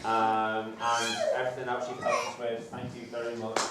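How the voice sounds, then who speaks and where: A man's voice: medium pitch, monotone, moderate pace, very noisy. A man giving his groom's speech at a wedding reception, hesitant, with lots of fillers and jokes. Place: crowded reception hall. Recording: echoey hall, recorded from far off.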